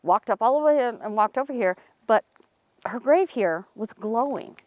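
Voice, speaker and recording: Standing in a cemetery, the woman, part of a paranormal team, relates a local story in a casual, animated manner and performs quoted voices at a higher pitch. Her delivery is moderately paced, with no echo.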